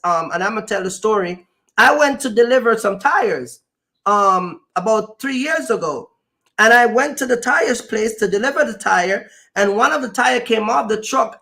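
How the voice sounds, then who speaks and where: High, gravelly-voiced man telling stories. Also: sharp tone. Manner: emphatic, acts out quoted exchanges. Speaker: trucking company owner and show host. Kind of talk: animated storytelling chat.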